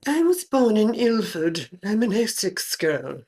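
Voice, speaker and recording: A woman's voice: medium pitch, big pitch swings, measured pace, darkish tone. A woman playing the spirit of an elderly English actress, speaking with an English accent in a dry, clipped, tartly unimpressed way. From England. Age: older.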